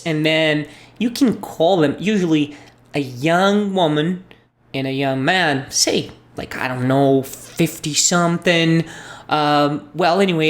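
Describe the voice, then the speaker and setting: Slow, patient teacher woman. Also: sits low. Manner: patient, repeats phrases for learners. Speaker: language teacher. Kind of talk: slow spoken language lesson.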